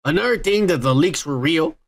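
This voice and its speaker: A man's voice: on the high side, animated, brisk, gravelly, breathy edge. A man hosting a podcast in casual chat, ranting and cursing freely. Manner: profane, ranting. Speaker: podcast host.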